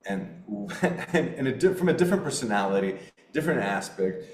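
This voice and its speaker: Earnest low-voiced man telling a story. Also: lively intonation. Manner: earnest, halting storyteller with frequent restarts. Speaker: podcast guest. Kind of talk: storytelling in a casual interview. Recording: roomy echo.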